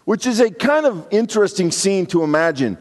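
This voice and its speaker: A man's voice: high voice, lively intonation, fairly quick, a little mellow, in a large hall. A man preaching a sermon in a conversational, reflective way, now and then acting out short quotes. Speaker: pastor.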